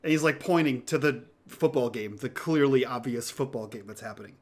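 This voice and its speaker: A man playing a tabletop role-playing game, animated and swearing in excitement. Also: medium pitch, fairly quick. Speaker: player.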